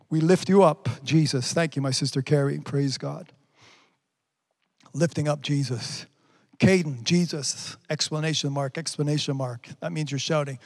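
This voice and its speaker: A pastor with a notably high, slightly mellow voice leads a livestreamed sermon at a moderate pace. He speaks fervently, reading viewers' comments aloud and breaking into exclamations of praise.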